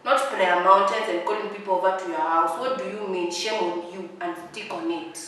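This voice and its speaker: A woman's voice: medium pitch, fairly even intonation, a little fast, a bit bright, far from the mic. A young Kenyan woman with a sassy, dramatic, mocking way of talking, ranting through a casual storytime. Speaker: vlogger. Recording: very echoey room, voice off-mic.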